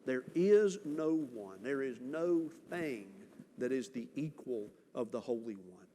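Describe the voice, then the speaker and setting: A man preaching a sermon as pastor, earnest and emphatic, with dramatic pauses. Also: medium pitch, expressive, warm tone, a little hiss or hum. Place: church sanctuary. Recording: church hall reverb, faint ambience.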